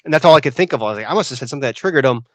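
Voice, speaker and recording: A young adult man co-hosting a podcast, telling stories in a casual, animated way and saying "dude" a lot. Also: medium pitch, rapid-fire, dry recording. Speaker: podcast co-host. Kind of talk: casual chat.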